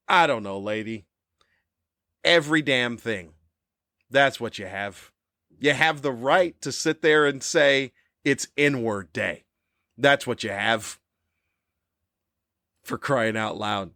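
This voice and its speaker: A man in his fifties hosting a podcast, delivering a cranky comedic monologue with animated, ranting jabs. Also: slow, pauses often, no room sound, clean studio sound. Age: 50s. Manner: animated, ranting, with sudden high-pitched jabs. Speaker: podcast host.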